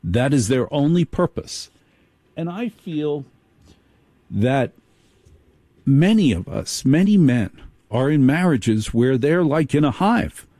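A man's voice: mid-range voice, sing-song, slow, pauses often, dark tone, dry recording. A man delivering a sardonic comic monologue. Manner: sardonic, storytelling.

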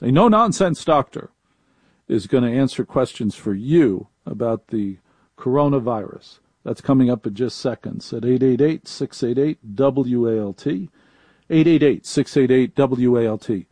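A man hosting a live call-in talk radio show, talking in a chatty, wry way. His voice is mellow and warm, recorded close and dry with no room sound. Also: mid-range voice, expressive, normal speed, husky, dry recording. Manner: chatty, wry, repeats phone numbers. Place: home studio in a laundry room.

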